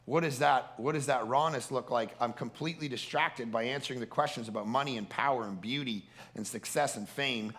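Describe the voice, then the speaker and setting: A man preaching a storytelling sermon at a family camp, animated and prone to repeating words and restarting sentences. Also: mid-range voice, fairly quick, hardly any pauses. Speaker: camp speaker.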